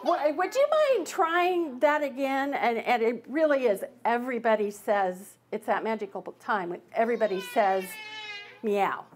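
A woman's voice: a little high, animated, normal speed, slight background noise. A woman storyteller leading a children's storytime in a library, coaxing the group playfully with mock-puzzled restarts. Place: public library.

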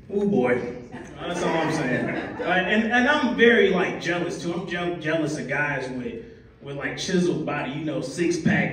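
A man hosting a comedy show, doing loose, rambling crowd work and teasing the audience. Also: on the high side. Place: comedy club with live audience. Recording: roomy echo, distant mic, crowd laughter.

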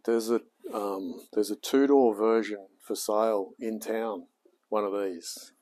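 Taking his time, a home mechanic from Australia in his late forties talks on his live stream in a relaxed, rambling fashion laced with slang. His voice is lowish and darkish, with fairly even intonation.

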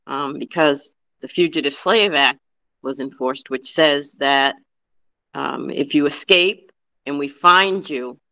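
Bright-voiced man telling local history. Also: mid-range voice. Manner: earnest, fast-paced, with many fillers and restarts. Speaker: guest speaker on local history. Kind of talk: informal history talk with questions.

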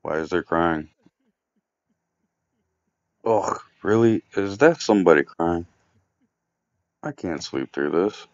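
A man's voice: sits low, takes it slowly, pauses often, darkish tone, no room sound. A man playing a game and reading its dialogue aloud, with sarcastic, swear-heavy casual commentary, in a dull lo-fi recording. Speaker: let's play gamer.

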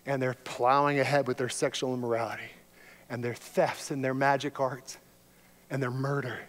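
A male pastor giving a sermon, going from hushed, quiet passages to loud, impassioned appeals. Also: mid-range voice, flat delivery, normal speed.

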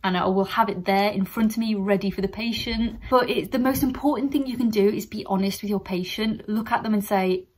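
A British woman in her thirties talks through her work as a practice nurse in a relaxed vlog. Her voice sits at an ordinary middle pitch. She is candid and chatty and pokes fun at her own slips. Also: brisk, few pauses. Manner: chatty, candid, laughs at herself. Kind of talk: casual explanatory vlog.

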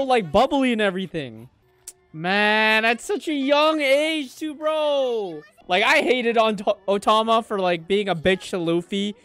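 A young man reacting to an anime episode, excitable and profane, bursting into shouts. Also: sits high. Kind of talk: live reaction commentary. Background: faint anime soundtrack music.

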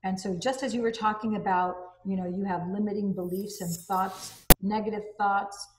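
Animated woman in an echoey room. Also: medium pitch, moderate pace, background noise. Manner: animated, acts out quoted phrases. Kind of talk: casual conversation about self-help.

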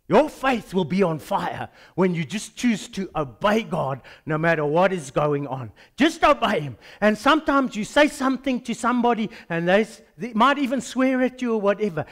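A man with a South African accent, a pastor preaching a sermon and telling a story with acted-out dialogue. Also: sits high. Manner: animated storytelling, acts out dialogues.

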